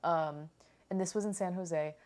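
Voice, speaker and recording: A woman's voice: fairly low pitch, fairly even intonation, a little slow, a little mellow. A woman chatting casually in a food vlog, rambling with lots of fillers as she tells a story. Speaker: food vlogger.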